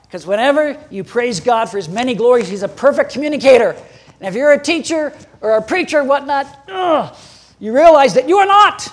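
A man preaching a sermon as pastor, emphatic, with sudden jumps in pitch and loudness and chuckles between points.

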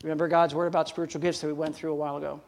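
Older male pastor, high-pitched, folksy preaching with acted-out dialogue. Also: flat delivery, rapid-fire, gravelly. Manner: folksy, laughing asides, acts out dialogue. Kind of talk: sermon.

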